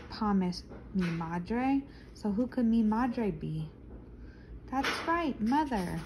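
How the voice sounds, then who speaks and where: A woman reading a children's picture book aloud, expressive and stopping to explain words to young listeners. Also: medium pitch, takes it slowly, a little hiss or hum, rough recording. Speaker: storyteller for children.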